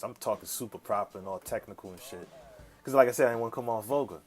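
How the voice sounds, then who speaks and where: A man's voice: medium pitch, quick pace. A man, hosting a podcast and telling a casual, profane story in slang, often checking in with the listener. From south side of Chicago, USA. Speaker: podcast host.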